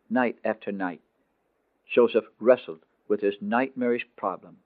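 A man narrating a story in a measured, earnest way. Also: fairly low pitch, no echo. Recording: dry, tinny phone-like sound.

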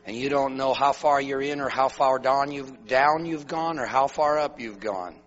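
A man's voice: medium pitch, normal speed. Preacher man in a dull lo-fi recording. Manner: swings from loud exhortation to hushed storytelling. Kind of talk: sermon with a dramatic story. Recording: dull lo-fi recording with faint music and mains hum.

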